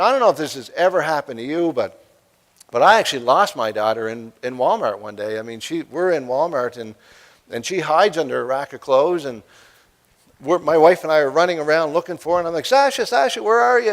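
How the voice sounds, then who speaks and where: A middle-aged man from the East Coast giving a keynote speech at a college convocation, telling humorous anecdotes and acting out the voices of the people in them. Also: a little high. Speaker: keynote speaker. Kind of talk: storytelling speech. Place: convocation hall.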